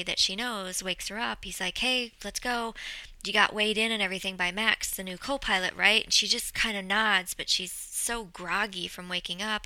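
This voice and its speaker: A woman telling a story in a lively, dramatic way, summarizing a book and then reading from it. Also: medium pitch, clear, resonant tone, no echo, poor audio. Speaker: book presenter.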